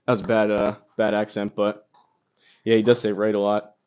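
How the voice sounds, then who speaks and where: A man with a lowish, completely flat voice talks at normal speed on a golf live stream; his tone is a little mellow, clear, and resonant. He rambles with lots of fillers and reads chat comments aloud, recorded on a phone with slightly dull, crackly audio.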